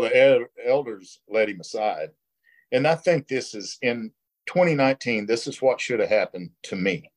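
A man's voice: low-pitched, a little mellow. Plainspoken middle-aged man leading a study. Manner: earnest, plainspoken, with short laughs. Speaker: workshop leader. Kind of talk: reading aloud and sharing recovery experience.

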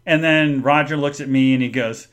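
A man hosting a podcast, telling a story in a casual chat and acting out the people in it with sudden jumps in pitch and loudness. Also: moderate pace. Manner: animated, acts out quoted people with big jumps in pitch and loudness. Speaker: podcast host.

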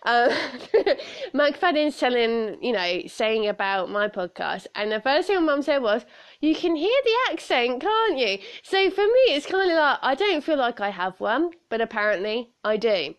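A woman's voice: fairly high pitch, very animated, moderate pace, smooth, muffled recording. A young woman with a southern English accent, chatting on her solo podcast, giggling and rambling, with a stuffed-up nose. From south of England. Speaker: podcast host. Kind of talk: casual solo podcast chat.

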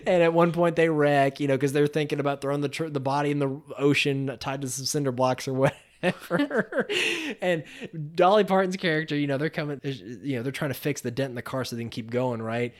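A man's voice: on the high side, a little fast. Man casually retelling a movie plot. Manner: animated storyteller who acts out characters' lines and laughs often. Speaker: podcast co-host.

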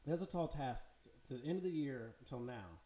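A man's voice: medium pitch, animated, brisk, roomy sound, a loud crowd, poor audio. A man co-hosting a podcast, chatting casually and animatedly about football, swearing and laughing often. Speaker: podcast co-host. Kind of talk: casual sports chat.

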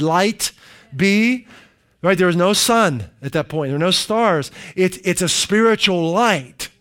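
A man preaching with a notably high voice. He is emphatic and repetitive, and he leads the congregation through spoken declarations in call-and-response. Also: fairly bright tone. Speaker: pastor. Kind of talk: sermon.

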